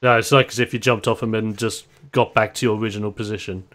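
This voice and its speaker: A man running a tabletop wrestling role-playing game, narrating moves with lively announcer flair and frequent laughs. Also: fairly low pitch, fast talker. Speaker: game master.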